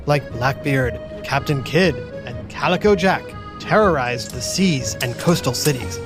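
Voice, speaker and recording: A man with a high, lively, swooping voice narrates a children's history podcast. His delivery is playful and theatrical. Music plays under his words. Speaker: host and narrator.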